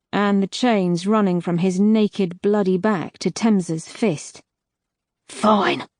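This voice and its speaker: A woman reading a dark fantasy audiobook in a slow, measured narration. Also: medium pitch, no room sound, clean studio sound.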